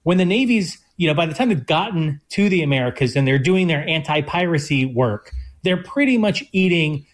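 A young man co-hosting a casual radio food show as a chef, explaining eagerly in quick bursts. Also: fairly high pitch, expressive. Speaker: chef and co-host.

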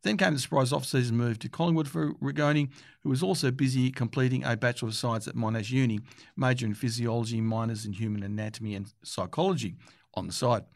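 A man's voice: mid-range voice, fast, gravelly, no echo, clean studio sound. Man reading sports news. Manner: steady read-aloud delivery with occasional fillers. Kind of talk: reading news articles aloud.

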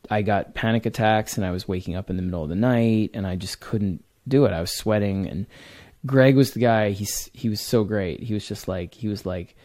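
A man's voice: on the low side, fairly quick, a little mellow. A man, a comic book writer, talking earnestly and rambling in a casual interview. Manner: earnest, rambling, with many restarts.

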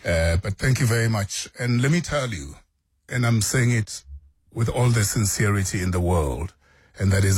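Husky deep-voiced guy in his 50s, slow and measured, dry sound. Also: lively intonation, no room sound. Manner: slow, measured, earnest, with 'uh' pauses. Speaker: veteran radio broadcaster, guest. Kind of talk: measured interview answers.

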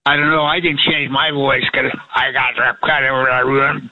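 A man's voice: medium pitch, level tone, normal speed, muffled recording. A man in his eighties calling into a radio show, effusive and rambling. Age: 80s. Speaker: caller. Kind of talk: phone call to radio show.

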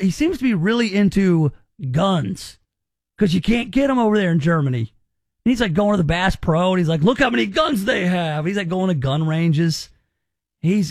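A man's voice: high-pitched, no echo. A man hosting a talk radio show, chatting casually and rambling with jokes. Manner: rambling, joking.

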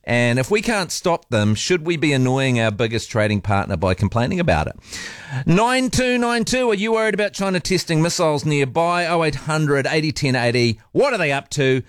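A man's voice: a little high, lively intonation, brisk, hardly any pauses, no echo, clean studio sound. A man hosting a talk radio show, chatty and jokey. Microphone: studio microphone.

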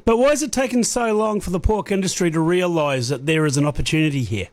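Blunt joking New radio host. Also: male voice, fairly high pitch, quick pace, no echo. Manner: blunt, joking, direct questions. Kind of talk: rural radio interview.

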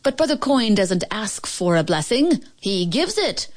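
A woman voicing an enormous, greedy male spirit god who booms and roars his commands in a storybook. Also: very animated, unhurried. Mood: boastful. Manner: booming, roaring commands.

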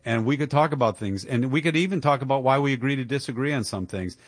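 A man's voice: mid-range voice, fast talker, no room sound. A man hosting a political talk radio show, speaking in an indignant, emphatic way with occasional chuckles.

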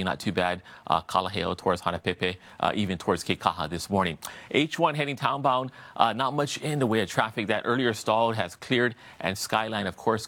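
Man, brisk upbeat traffic anchor, lowish voice, dry close sound. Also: a bit bright, dry recording. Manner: brisk, upbeat, uses local Hawaiian words. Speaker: news anchor reading traffic. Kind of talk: live broadcast traffic report.

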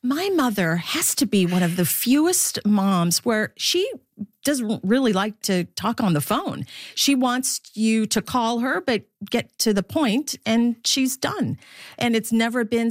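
A middle-aged woman who works as a baseball broadcaster, speaking as an interview guest in a lively, laughing, storytelling way. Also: on the high side, unhurried, dry recording, clean studio sound. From Philippines.

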